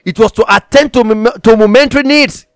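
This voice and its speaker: A man's voice: very high-pitched, brisk, dry recording, studio quality. A man preaching a sermon, emphatic, repeating phrases for stress and reading scripture aloud in old-fashioned wording.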